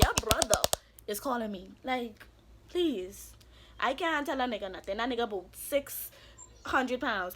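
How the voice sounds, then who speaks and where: A young woman telling a casual storytime vlog, animated and sassy, swearing freely and talking back to a friend off camera. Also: fairly high pitch.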